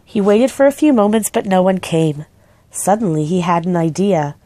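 A woman gently and expressively reading a children's book aloud. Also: fairly low pitch, normal speed, no echo. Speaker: storybook reader.

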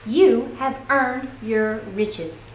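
A man's voice: very high voice, very slow, roomy sound, a little hiss or hum, full character voice, poor audio. A man reading aloud and voicing a mother who plays a pirate captain, using pirate talk. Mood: yielding. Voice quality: mock-pirate slang.

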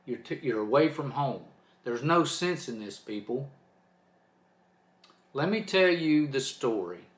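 A man of mid pitch hosts his own channel and talks off the cuff. He is fired up and preachy and leans hard on every point. His voice echoes around a roomy space. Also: animated, unhurried. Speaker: trucking channel host. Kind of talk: off-the-cuff vlog rant.

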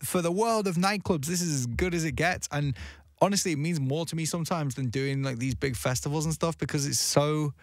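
A man's voice: fairly high pitch, brisk, no room sound. A young man talking casually as a guest DJ in a radio studio interview, chatty and self-deprecating, with frequent restarts.

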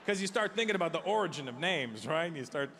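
A man in his forties performing a stand-up comedy set, talking animatedly and acting out characters in quick bits. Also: on the high side, animated, background noise. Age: 40s. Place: large theater with a live audience.

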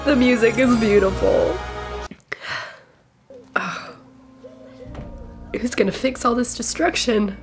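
A woman's voice: a little high, vocal fry. Gushing young woman reacting to a movie. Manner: gushing and emotional, with excited exclamations and whispers. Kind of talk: casual reaction commentary.

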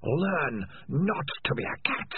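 A man voicing a cold, sinister alien mind that speaks through rats, drawing out his words slowly in a high, taunting voice. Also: expressive, slight background noise. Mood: taunting menace. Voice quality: slow, drawn-out, high taunting voice. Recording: lo-fi phone-like sound.

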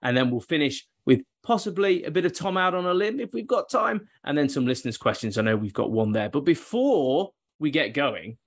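A man's voice: a little high, animated, a little fast, few pauses. A man hosting a football podcast, talking in casual banter with mock-grand, theatrical flourishes. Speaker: podcast host.

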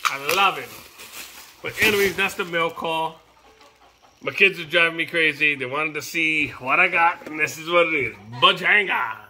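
Man with a Hawaiian Pidgin accent, middle-aged, playful and excitable, bright forceful voice, faint background noise. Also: fairly high pitch, moderate pace. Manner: playful, excitable, breaks into shouts and laughs. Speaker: vlogger. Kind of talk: casual vlog. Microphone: camera held by his daughter.

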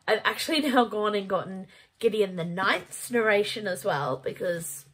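A woman reviewing a book in a casual vlog, gushing and animated, with casual swearing. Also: medium pitch, normal speed. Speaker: book vlogger.

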